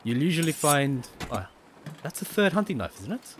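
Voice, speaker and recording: Gaming streamer, male, lively up-and-down delivery, explains mechanics as he plays, faint noise underneath. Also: on the high side, normal speed. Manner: thinks aloud, explains mechanics to viewers. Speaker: gaming livestreamer. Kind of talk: casual gameplay commentary.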